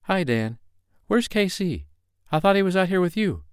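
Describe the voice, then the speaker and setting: A man's voice: high-pitched, sing-song, moderate pace, clean tone, no room sound, studio quality, voice pushed up. A man voicing an embarrassed young woman in a romance story. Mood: flustered.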